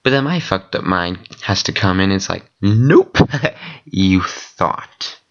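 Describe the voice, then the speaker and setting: A man telling a rambling story in casual vlog style, excitable and profane, with lots of fillers. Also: low-pitched, a little slow, clean tone, lo-fi sound. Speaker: vlogger recounting dreams.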